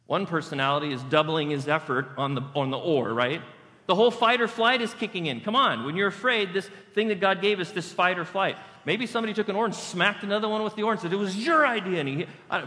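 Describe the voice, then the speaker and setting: A man preaching a sermon, emphatic and conversational, who keeps repeating key phrases. His voice is bright and a bit higher than most men's. The recording carries the long reverb of a large church hall. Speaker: pastor.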